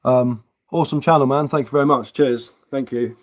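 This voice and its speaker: A man's voice: mid-range voice, fairly even intonation, fairly quick. A man chatting casually on a live stream as a woodcarver, easygoing and answering viewer comments.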